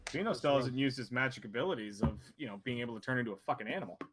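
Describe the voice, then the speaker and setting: A man's voice: mid-range voice, lively intonation, racing. A man narrating a tabletop game as game master, casual and rambling, cursing freely.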